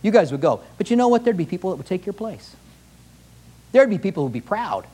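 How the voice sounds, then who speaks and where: Male pastor, fervent sermon, high voice, swooping delivery, rhetorical questions. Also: big pitch swings, a little fast, warm tone, breathy edge. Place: church.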